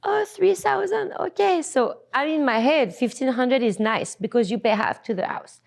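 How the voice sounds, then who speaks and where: Young woman, French accent, slightly high voice, candid profane storytelling, laughing asides. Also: animated, normal speed. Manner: frank and profane, laughs often, drops to hushed asides.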